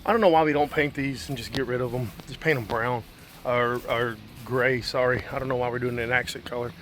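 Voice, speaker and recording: With a mid-range, slightly bright voice and a steady tone, a property manager talks fairly quickly as he inspects a house, first the yard and exterior, then inside. His casual notes plainly list the repairs left to do, and there's a faint hum of background noise.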